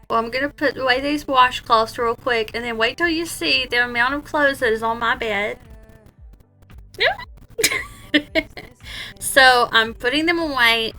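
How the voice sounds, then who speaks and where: Woman vlogger, high bright voice, casual and self-mocking, at home with light music behind. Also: poor audio. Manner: chatty, self-mocking, laughs often. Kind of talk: casual chat to camera.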